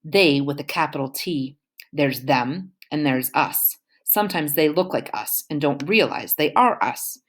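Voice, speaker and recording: Low-voiced woman reading a novel. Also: animated, unhurried. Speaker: audiobook reader. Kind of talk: first-person novel narration.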